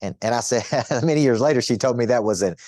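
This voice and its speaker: A man's voice: medium pitch, fast talker, a little mellow, dry recording. Emphatic male coach, dry sound. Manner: emphatic, repetitive, asks the audience rhetorical questions. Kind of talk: motivational teaching talk.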